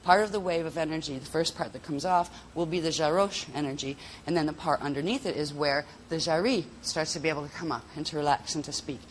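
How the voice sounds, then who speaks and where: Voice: mid-range voice, fast, few pauses, a little hiss or hum. A workshop instructor giving a casual spoken lesson on vocal toning, talking in a rambling, chatty way with restarts, into a handheld mic.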